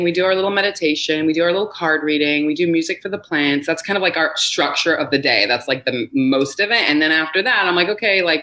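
Low-voiced earnest woman, rambling. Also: fairly bright tone, rough recording. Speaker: podcast guest, mother of two. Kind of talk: casual podcast conversation.

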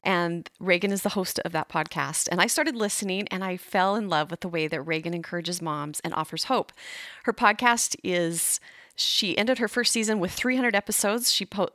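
Casting note: middle-aged woman host, warmly gushing, lowish voice, dry close sound. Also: dry recording. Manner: enthusiastic, gushing praise. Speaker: podcast host. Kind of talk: conversational interview.

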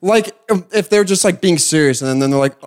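Young man, podcast co-host, casual crude banter, higher voice, bouncy lively pitch. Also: fast. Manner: crude joking, slips into mock voices. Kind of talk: casual chat.

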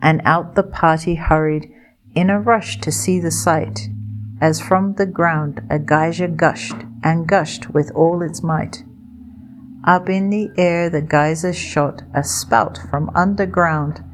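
A woman reading a picture book aloud for English learners, slow, clear and gentle. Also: fairly low pitch, fairly even intonation, faint music behind.

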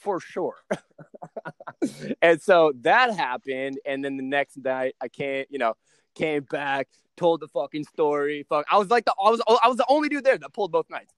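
A man's voice: fairly high pitch, normal speed, smooth, no room sound. A young man hosting a podcast, telling a brash story in casual chat, swearing constantly and calling his friend bro and dude. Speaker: podcast host.

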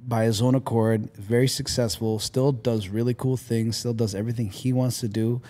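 A man's voice: mid-range voice, moderate pace. A man, a comedian guest chatting casually on a podcast and slipping into voices. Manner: animated, jumps into impressions.

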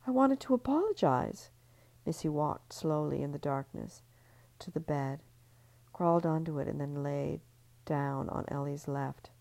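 Low gravelly woman narrating. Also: level tone, a little slow, mellow, low-quality recording. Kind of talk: scripted audiobook narration.

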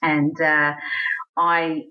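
Woman in her forties, from Australia, low pitch, chatty restarting storyteller, dull lo-fi recording. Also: very slow. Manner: chatty, lively storyteller, many restarts, acts out quotes. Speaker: burlesque singer and host, interview guest. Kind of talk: casual interview storytelling.

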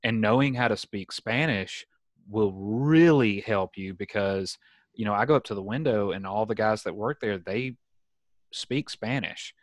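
A man's voice: lowish voice, measured pace, dry recording. A young man with a Southern accent, hosting a casual podcast chat and telling stories full of "like". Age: young adult. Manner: chatty storyteller, many "like" fillers. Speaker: podcast host. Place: home in San Diego.

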